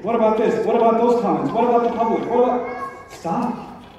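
Man, religious speaker, very high mellow voice, emphatic repeated questions, distant echoey hall recording. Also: brisk, lo-fi sound. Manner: emphatic, rhetorical questions and repetition. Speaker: Islamic speaker. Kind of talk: live religious talk to an audience. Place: large event hall.

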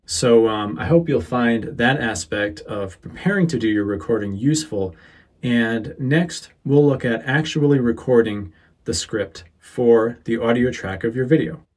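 Husky man explaining at an easy pace. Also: medium pitch, darkish tone. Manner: easygoing, unhurried explaining with fillers. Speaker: teacher. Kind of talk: instructional voice-over. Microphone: close sensitive studio mic.

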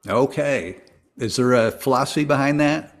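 A man hosting a podcast, asking a guest questions in an upbeat way and slowing down to stress key words. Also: mid-range voice. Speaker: podcast host. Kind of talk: casual interview questions.

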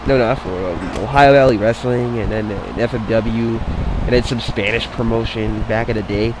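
A man giving casual play-by-play commentary on a wrestling video game match, excitable and swearing, drifting into rambling asides. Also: medium pitch, background noise.

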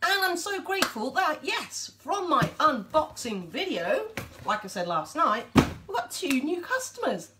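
A woman's voice: sits high, big pitch swings, a little slow, background noise. A woman chatting casually to viewers on a live stream, addressing them directly as she talks.

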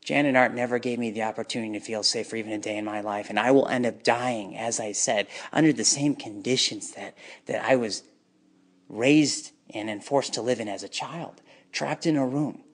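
In an unscripted personal monologue, a man with a medium-pitched voice tells his own life story. He sounds bitter and emotionally charged, halting at times.

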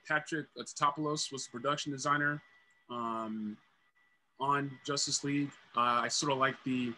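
A man co-hosts a casual toy-collecting podcast. He explains details in a measured, informative way, pausing often as he goes. His voice is bright, with a faint hiss in the background. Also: medium pitch, low-quality recording. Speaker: podcast co-host. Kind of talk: casual chat.

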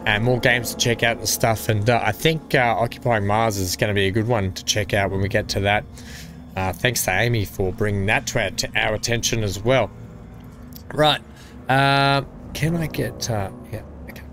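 A man's voice: fairly low pitch, fairly even intonation, normal speed, fairly bright tone, soft background music. A man chatting casually on a live game stream, greeting viewers by name and poking fun at himself. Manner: chatty, self-deprecating, talks to chat by name. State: coughing, something in throat. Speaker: gaming streamer.

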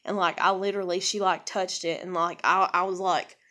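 Woman vlogger, lowish voice, frank rambling storyteller, swears a lot. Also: flat delivery, brisk, bright, forceful tone. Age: adult with a child. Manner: rambling, frank and profane, with many fillers. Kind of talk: casual personal storytelling.

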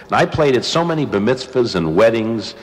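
A man's voice: medium pitch, brisk, long reverb tail. A man, a former radio host turned actor, chatting on air in a radio studio and telling joking stories with frequent laughs. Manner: animated, joking, laughs often. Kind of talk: casual studio chat, storytelling.

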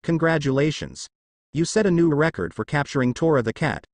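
A smug, brisk young woman teaching a ninja team, read out by a man. Pitch swings widely, and the sound is dry and close. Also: very animated, no room sound.

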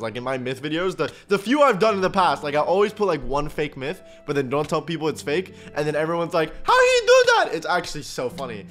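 Young guy reacting to game clips, super lively voice jumping all over, a bit high, music going behind. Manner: excitable, jumpy, slangy, laughs often. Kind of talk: casual reaction commentary.

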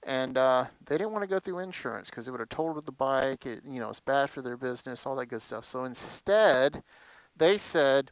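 Casual male motorcycle vlogger with a smooth, dry voice who rambles with fillers. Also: medium pitch, moderate pace, no echo, low-quality recording. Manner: animated storytelling. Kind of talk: casual chat.

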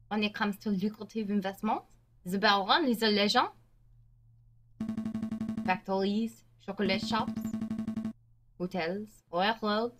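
A woman voicing a proud male falcon lawyer who speaks in a formal, measured way. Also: mid-range voice, lightly acted.

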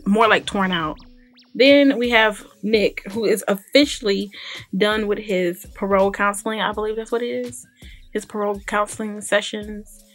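A chatty woman recaps a TV episode in casual voice-over, opinionated and full of fillers and restarts. Her voice sits at a mid pitch, and soft music plays faintly behind her. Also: normal speed. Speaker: gaming YouTuber recapping a TV episode.

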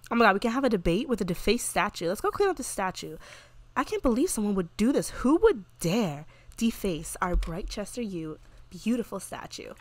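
A woman's voice: mid-range voice, very animated, fairly quick, dry recording. A woman hosting her gaming channel, chatting casually and gushing about her game character, with lots of "like" fillers. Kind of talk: casual gameplay commentary.

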